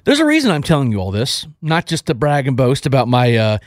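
A man from Houston, Texas, hosting a radio show in a casual, energetic, joking style. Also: medium pitch, a little fast, dry recording, studio quality. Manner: energetic, joking, self-deprecating.

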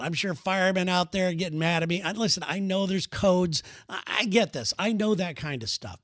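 A middle-aged man hosting a comedy podcast, telling a story in an animated, profane and exasperated way. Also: high voice, no room sound, clean studio sound.

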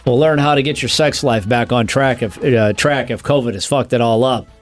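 A man's voice: medium pitch, normal speed, faint music behind. A man co-hosting a comedy podcast, joking crudely and rambling with lots of fillers. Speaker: podcast co-host. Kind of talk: casual comedic podcast banter.

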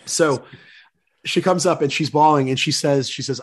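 A man's voice: on the high side, moderate pace, breathy edge. An older man, a guest on a talk show, telling stories earnestly and often restarting his words. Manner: earnest storyteller, repeats words when starting sentences. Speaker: guest speaker. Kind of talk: casual interview chat.

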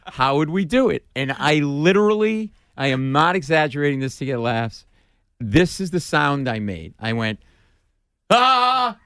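Animated comedian spinning a wild story. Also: male voice, on the high side, normal speed, no echo, clean studio sound. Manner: acts out dialogue, mimics screams, self-deprecating. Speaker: stand-up comedian guest.

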